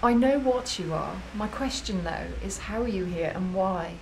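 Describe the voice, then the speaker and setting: A woman's voice: medium pitch, lively intonation, normal speed, gravelly, a little mellow, a little hiss or hum, rough recording. An actress playing an older woman psychic who speaks soothingly and calls others child. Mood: kind.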